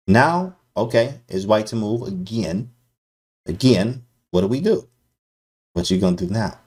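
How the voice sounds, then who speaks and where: A man's voice: lowish voice, animated, a little slow, darkish tone, slightly rough. Hyped, slangy man talking chess. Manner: slangy, hyped, talks straight to chat. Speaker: chess streamer. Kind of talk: live-stream chess commentary.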